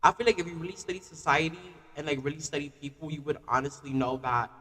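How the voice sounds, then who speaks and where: A man's voice: on the high side, quick pace, in a large hall. A man ranting casually on a live stream, full of "like" fillers. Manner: animated, repetitive "like" fillers.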